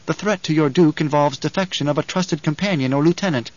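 A man's voice: a little high, a little fast, a little mellow, no echo, highs cut off, lightly acted. A man voicing a secret informant's hasty, urgent warning note in an audiobook reading.

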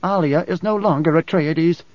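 A man voicing a composed, guarded noblewoman who speaks in measured, probing questions. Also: a little high, no echo, pitched above the performer's own voice, natural voice. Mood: cool, guarded. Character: composed noblewoman, middle-aged, guarded and sharp. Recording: slightly dull dry recording.

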